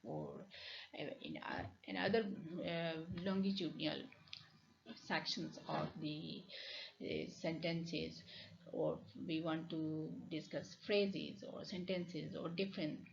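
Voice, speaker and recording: A woman's voice: sits low, takes it slowly, gravelly, dull audio, slight background noise. A woman university lecturer with a Pakistani English accent, giving a recorded linguistics lecture and often repeating and rephrasing herself with fillers.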